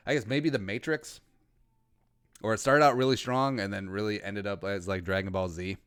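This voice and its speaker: A man's voice: lowish voice, steady tone, normal speed, a bit bright, clean tone. A man in his thirties from Minnesota hosting a casual livestream podcast, rambling and joking with crude asides. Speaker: podcast host.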